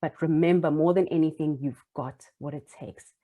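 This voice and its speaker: Woman quoting a calm male teacher. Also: sits low, narrow, tinny audio, voice pushed down. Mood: reassuring. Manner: slow, steady, encouraging.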